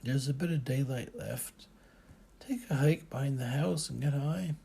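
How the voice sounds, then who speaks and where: An audiobook reader voicing an older father with a low, slow, soft-spoken manner. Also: gravelly, slight background noise, lightly acted. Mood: rueful. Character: older Scottish father, gruff but tender.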